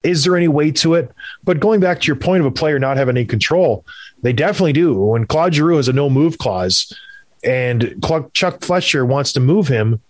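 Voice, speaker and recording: A man hosting a casual sports podcast, opinionated and rambling, with quick asides. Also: on the high side, expressive, no echo. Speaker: podcast host.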